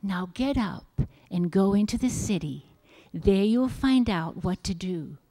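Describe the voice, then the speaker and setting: A woman voicing Jesus as a man calling from the sky in a children's Bible story, gently calling. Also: mid-range voice, lively intonation, a little slow. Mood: instructing.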